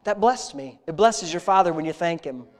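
A man's voice: fairly high pitch, lively intonation, moderate pace. A man leading a congregation in spontaneous, heartfelt prayer, talking in an intimate, conversational way and repeating phrases of praise. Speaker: prayer leader.

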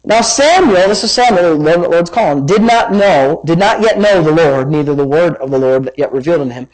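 A man preaching a sermon as pastor, reading scripture with lively emphasis and wandering into personal asides. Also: fairly high pitch, brisk, few pauses, low-quality recording. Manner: animated, dramatic scripture reading with rising emphasis; rambling asides and self-corrections.

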